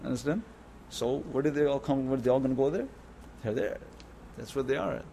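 A man's voice: medium pitch, brisk, creaky, mellow, slight background noise. A man giving an informal sermon to a religious gathering, repeating his points and often checking that listeners understand. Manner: repetitive, keeps asking "understand?". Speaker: religious teacher.

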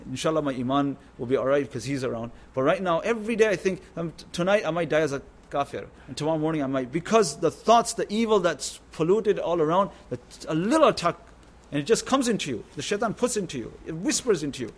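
Higher-voiced man preaching to a gathering. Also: animated, fast talker, hardly any pauses. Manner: repetitive, keeps asking "understand?". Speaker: religious teacher. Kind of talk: informal sermon to a gathering. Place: religious gathering.

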